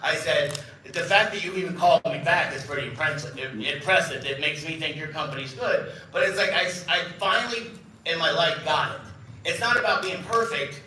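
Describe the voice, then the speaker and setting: A man's voice: fairly high pitch, brisk, pushed and bright, a little hiss or hum. A man in his fifties giving a chatty, self-mocking keynote to a live audience, acting out the dialogue in his stories. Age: 50s. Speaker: keynote speaker. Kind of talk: storytelling speech to a live audience. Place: event hall. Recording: echoey hall from a distance.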